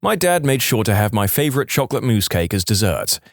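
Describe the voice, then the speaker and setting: A man's voice: on the low side, a little fast, gravelly, no echo, studio quality. A man reading internet stories aloud as a podcast narrator, telling them expressively. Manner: expressive storytelling. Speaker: story narrator.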